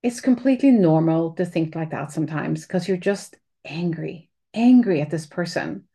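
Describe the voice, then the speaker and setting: A woman's voice: fairly low pitch, animated, moderate pace, warm tone, husky. A woman giving casual, candid advice on handling anger, chatty, with many fillers and restarts.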